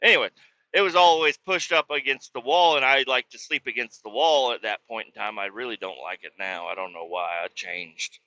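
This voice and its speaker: A man hosting a podcast, telling profane, animated comedic stories about family and old roommates. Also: medium pitch, moderate pace, dry recording. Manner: profane, animated, mocking retellings. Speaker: podcast host. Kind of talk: comedic storytelling. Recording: dull lo-fi, dry.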